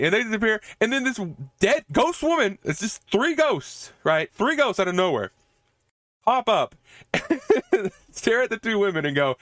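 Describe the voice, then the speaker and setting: A man hosts a casual movie podcast and retells a slasher film scene by scene. His voice sits a little high and swings widely as he acts out lines, often breaking into laughter and the odd curse. The sound is close and dry, with no room around it. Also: very animated, unhurried, fairly bright tone, dry recording. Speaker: podcast host reviewing a movie.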